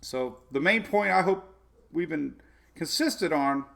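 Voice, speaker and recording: A man's voice: fairly high pitch, lively intonation, a little slow, creaky, fairly bright tone. A man hosting a casual live weather show, rambling and chatty with many fillers and frequent laughs.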